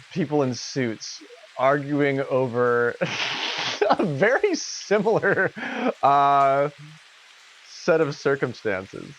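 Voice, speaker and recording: A man's voice: mid-range voice, a little hiss or hum. A man hosting a casual livestream who laughs often and swears freely. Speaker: livestream host.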